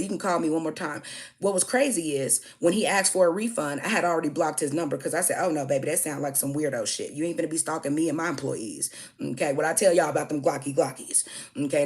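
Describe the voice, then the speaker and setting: With a low, darkish voice, a young woman who owns a food business tells a heated storytime rant about a customer. She's emphatic and profane, regularly hammering her lines home with "okay?"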